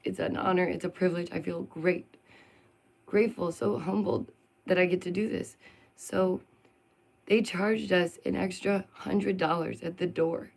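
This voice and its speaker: A middle-aged woman venting to her channel in a casual, emotional monologue. Her voice sits on the low side for a woman. She stays animated throughout and keeps laughing between points. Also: a little slow, vocal fry, poor audio. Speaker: vlogger.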